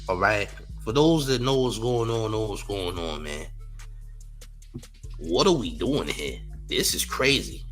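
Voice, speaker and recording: A man's voice: medium pitch, bright, forceful tone. A man hosting a commentary show, reacting in disbelief, repeating himself and laughing between remarks. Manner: incredulous, repeats phrases, laughs often.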